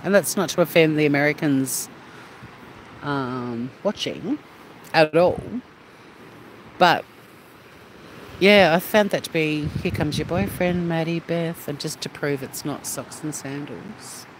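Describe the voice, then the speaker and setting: Out on the beach, an Australian livestreamer reads his chat and replies in a blunt, chatty, swear-heavy way. His voice sits on the high side, slow and full of pauses, over noisy outdoor street sound.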